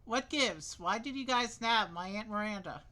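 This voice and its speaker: A woman's voice: mid-range voice, normal speed, pushed and bright, natural voice. A woman reading the lines of a curious young female detective in a video game, plainly read.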